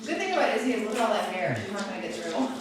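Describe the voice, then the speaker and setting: A woman's voice: medium pitch, sing-song, very fast, noisy background. Distant woman commenting in an echoey room. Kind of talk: casual remarks.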